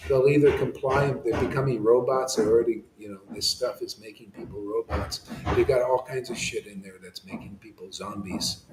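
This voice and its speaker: A man's voice: lowish voice, echoey room, noisy background. A man giving an informal devotional satsang talk, rambling and impassioned, with frequent restarts and asides. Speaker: devotional speaker.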